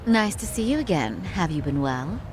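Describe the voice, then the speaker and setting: An actress playing a composed young woman going undercover as a hostess, measured and lightly wry. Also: low-pitched, sing-song, background noise.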